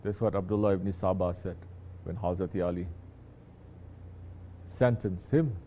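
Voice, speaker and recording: Man giving a slow, chatty sermon. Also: deep voice, dark tone, a little hiss or hum. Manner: slow, conversational teaching with asides to listeners. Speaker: sheikh teaching disciples.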